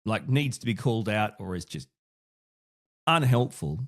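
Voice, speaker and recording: Lively, animated man hosting a podcast. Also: fairly low pitch, normal speed. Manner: thinks aloud, with many restarts and asides. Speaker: podcast host. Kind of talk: casual solo podcast talk.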